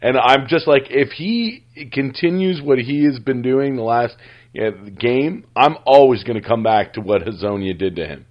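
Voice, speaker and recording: A man's voice: mid-range voice, expressive, normal speed. A man co-hosting a casual sports podcast, easygoing and jokey, often agreeing with his partner. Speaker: podcast co-host. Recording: dull lo-fi mic.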